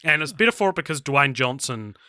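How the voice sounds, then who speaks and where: A man's voice: medium pitch, very animated, brisk, sharp tone, no room sound, studio quality. A man co-hosting a casual film podcast, chatty and jokey, laughing often. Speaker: podcast co-host.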